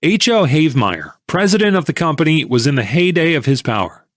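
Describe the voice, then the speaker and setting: Expressive male audiobook narrator. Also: on the high side, a little fast, no room sound, studio quality. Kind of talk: first-person audiobook reading.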